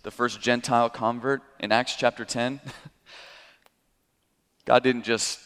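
A man of ordinary pitch preaching an expository sermon. He explains the passage in a relaxed, conversational way, with the odd chuckle. His voice rings with the long reverb of a big hall. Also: slow, clean tone.

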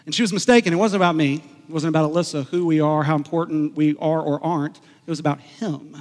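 A man preaching a sermon as pastor, earnest and storytelling, slowing down to stress key words. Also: fairly high pitch, steady tone, darkish tone, in a large hall.

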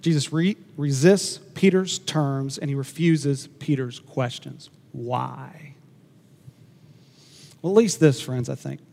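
A man preaching a sermon to his congregation, earnest and emphatic, repeating key words and pausing to let them sink in. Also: medium pitch, gravelly, warm tone. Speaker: pastor. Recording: hall reverb.

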